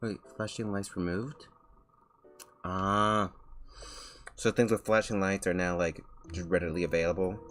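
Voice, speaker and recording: A man's voice: low voice, little pitch movement, unhurried, long pauses, fairly bright tone, soft background music. A man streaming as a VTuber, chatting casually and ranting in an exasperated, rambling way with many restarts.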